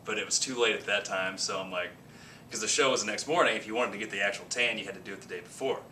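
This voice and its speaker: A man's voice: on the low side, fast talker, a little hiss or hum. A man telling a rambling personal story to the camera in a casual vlog. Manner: rambling, animated anecdote with quoted voices. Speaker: fitness vlogger. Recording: echoey room from a distance.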